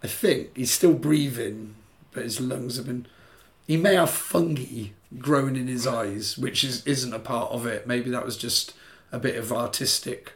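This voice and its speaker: A man's voice: mid-range voice, measured pace. An English man co-hosting a comedy podcast, telling a grisly story in a rambling, casual way with frequent restarts and swearing. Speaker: podcast co-host. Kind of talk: casual chat.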